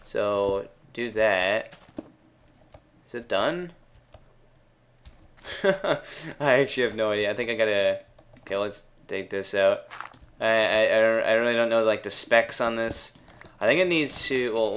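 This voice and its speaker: A young man with a Canadian accent giving casual, rambling gameplay commentary, unsure of himself, with drawn-out words. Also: lowish voice, a bit bright, slight background noise. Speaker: gaming video maker.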